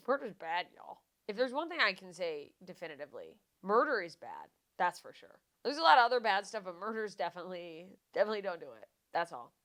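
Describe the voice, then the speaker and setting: A woman's voice: lowish voice, fairly bright tone. A young woman hosting a podcast, talking in a rambling, profane and self-deprecating casual rant. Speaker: podcast host.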